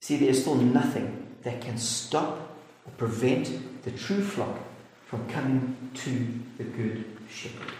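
A man preaching a sermon in an earnest, emphatic way, slowing down to stress key words. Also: medium pitch, a little mellow. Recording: echoey hall with faint noise.

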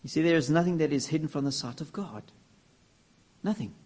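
A man preaching a sermon earnestly, dropping to soft near-whispers and rising to loud declaiming. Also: fairly high pitch, a little fast.

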